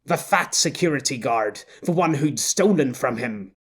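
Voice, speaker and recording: A man reading an audiobook as narrator in a measured, intense style. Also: mid-range voice, lively intonation, slightly rough.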